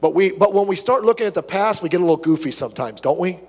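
A man preaching a sermon as pastor, animated, acting out little asides and quotes. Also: high voice, quick pace, long reverb tail.

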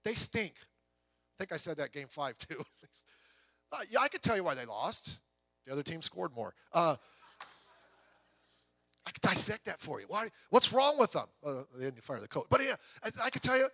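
A man's voice: a little high, moderate pace, long pauses, no echo. A middle-aged male pastor preaching in a conversational, joking way, telling stories and acting out voices. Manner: animated storyteller, acts out voices, rising to loud exclamations. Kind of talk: conversational sermon with humor.

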